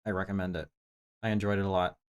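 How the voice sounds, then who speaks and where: A man's voice: low voice, flat delivery, quick pace, clean tone. A man hosting a live stream, casually reviewing movies in a rambling, laid-back way full of fillers. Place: home room with projector.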